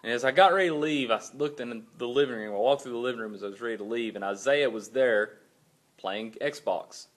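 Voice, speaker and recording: Guy vlogging about his kid, lively storytelling, acts out his own yelling. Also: mid-range voice, brisk. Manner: animated retelling, acts out his own angry shouts. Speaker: father and church volunteer. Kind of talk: personal video blog storytelling.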